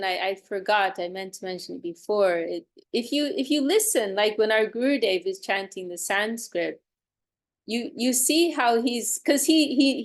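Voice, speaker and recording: A woman's voice: fairly high pitch, low-quality recording. A woman leading an online scripture study over a video call, explaining verses in a chatty way with frequent restarts and light laughs. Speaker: study group leader.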